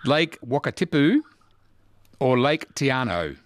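A man's voice: medium pitch, very animated, measured pace, no room sound, studio quality. A man hosting a casual talkback radio quiz, chatty and teasing with his callers.

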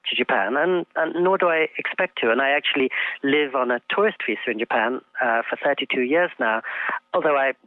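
An older man from England, speaking as an interview guest in an articulate, reflective way, pausing with fillers as he thinks. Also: medium pitch, expressive, dry recording. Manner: thoughtful, articulate, halting with fillers. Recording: tinny phone line, dry.

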